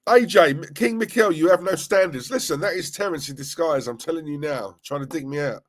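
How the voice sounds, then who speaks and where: A young man hosting a live stream, chatting casually, reading viewer comments and reacting with animated, rambling restarts. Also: a little fast. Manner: animated, rambling, restarts and laughs, pitch jumping when worked up. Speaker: fan channel live-stream host.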